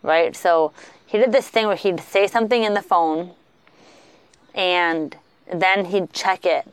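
A woman co-hosting a podcast, telling travel stories in a chatty, animated way with lots of fillers. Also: fairly low pitch, a little slow, clear, resonant tone, dry recording. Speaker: podcast co-host. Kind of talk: casual travel storytelling.

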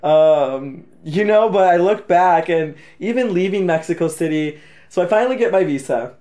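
A man with a fairly high voice chats as a guest, spinning a travel story with lively energy. He acts out little bits of dialogue and laughs easily between lines. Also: moderate pace, slight background noise. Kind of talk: casual podcast chat.

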